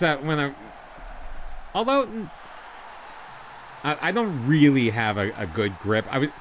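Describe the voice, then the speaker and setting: A man's voice: mid-range voice, a little hiss or hum. Chatty American man streaming a game. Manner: chatty, rambling, excitable during goals. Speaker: streamer playing a football management game. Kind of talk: casual live-stream commentary.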